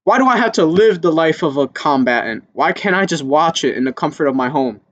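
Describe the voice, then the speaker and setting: Animated and a little fast, an amateur boxer recounts a candid story to camera in a casual way, cursing freely and rising in pitch and volume as he relives his panic. The lo-fi recording has no echo.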